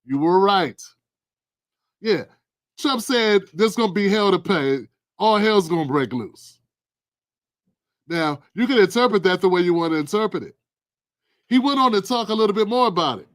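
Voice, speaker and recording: A man's voice: high voice, lively intonation, normal speed, pauses often. A man hosting a political commentary livestream, casual and sarcastic, talking straight to his viewers. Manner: sarcastic, colloquial, talks to viewers.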